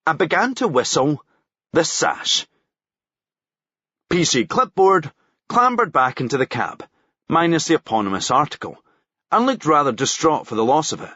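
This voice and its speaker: A man reading a novel aloud in a wry, measured narration. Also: medium pitch, a bit bright, husky, no room sound. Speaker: audiobook reader. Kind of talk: audiobook narration. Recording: dry, muffled lo-fi recording.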